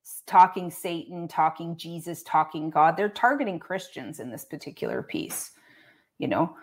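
A woman's voice: lowish voice, animated, normal speed. Blunt, sarcastic woman ranting. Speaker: online commentator. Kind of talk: ranting casual commentary.

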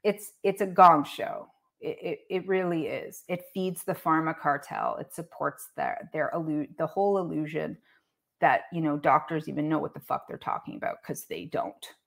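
A woman's voice: low voice, normal speed, creaky. A woman giving blunt, sarcastic, profane commentary in a casual rant. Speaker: online commentator.

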